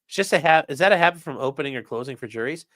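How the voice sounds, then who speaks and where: A young man who is a streamer and trial lawyer chats on a live stream, rambling, swearing and reading chat aloud as he reacts. His bright, lively voice races and swings up and down in pitch. Recorded close and dry at a desk mic, with no echo.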